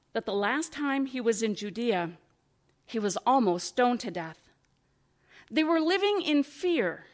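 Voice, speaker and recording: Slow, lively woman preaching. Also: fairly high pitch. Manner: slow, expressive preaching with rhetorical questions. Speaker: pastor. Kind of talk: sermon.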